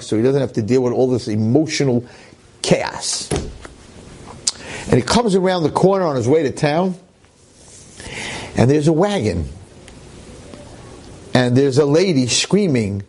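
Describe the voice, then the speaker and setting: A middle-aged rabbi telling a story in a dramatic, animated way, acting out its characters. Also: male voice, mid-range voice, normal speed, long pauses. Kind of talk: storytelling lecture.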